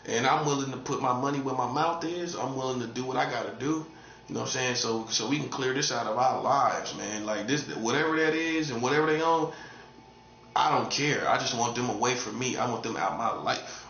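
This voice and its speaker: A man's voice: medium pitch, brisk, vocal fry, a bit bright, reverberant, lo-fi sound, slight background noise. A man preaching in a casual, street-talking way, repeating himself and laughing at his own jokes. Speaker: prophet. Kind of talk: informal preaching monologue.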